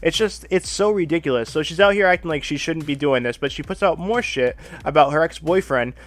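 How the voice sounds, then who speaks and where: A man's voice: a little high, a little fast, dry recording. A man hosting a drama commentary stream, reading a script, then ranting in a profane, repetitive and exasperated way.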